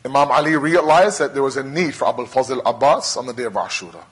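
A man's voice: a little high, fairly bright tone, rough recording. A male preacher telling a religious story as a sermon, impassioned and dramatic, with much repetition.

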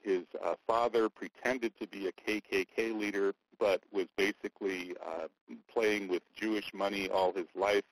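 A man giving spoken political commentary, halting often with fillers and restarts. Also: lowish voice, steady tone, no echo, low-quality recording.

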